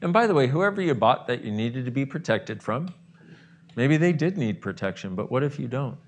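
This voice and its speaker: A man leading a guided visualization, acting out loud gasps and exclamations between softer stretches. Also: medium pitch, normal speed. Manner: animated, acts out exclamations and gasps, swings from soft to loud.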